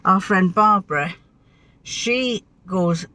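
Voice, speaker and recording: A woman's voice: medium pitch, takes it slowly, sharp tone. An older woman with a Geordie accent, chatting casually and telling stories with frequent laughs. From North East England. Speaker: sewing vlogger. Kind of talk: casual chat. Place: outdoors on a windy day.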